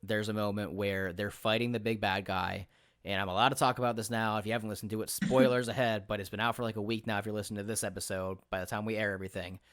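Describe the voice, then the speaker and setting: A man hosting a casual podcast chat as a game master, telling stories in an animated way, acting out other people's lines and swearing freely. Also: on the low side, fast talker, no room sound, clean studio sound. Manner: animated storyteller who acts out quotes and swears freely.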